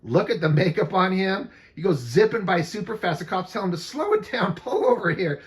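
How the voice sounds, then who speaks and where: A man talks through a film as it plays, his pitch swinging widely as he gets excited. His delivery is a loose, laughing play-by-play, full of swearing and cut-short thoughts, the easy chat of a movie commentary host. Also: moderate pace. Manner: animated, profane play-by-play with frequent laughter. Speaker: podcast host.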